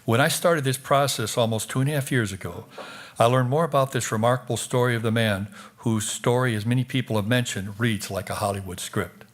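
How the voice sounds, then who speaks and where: A man from Wisconsin addresses a school board during public comment. He reads his prepared statement in a measured, formal way, at a middle pitch. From Wisconsin, USA.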